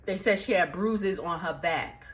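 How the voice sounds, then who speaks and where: A woman recapping a movie in a casual, slangy, animated way, with lots of asides. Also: fairly low pitch, unhurried.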